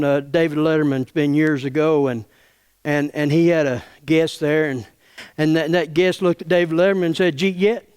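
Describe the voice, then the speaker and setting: A middle-aged pastor, preaching an angry, folksy sermon full of stammered restarts. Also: male voice, fairly high pitch, clean tone. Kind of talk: fiery sermon.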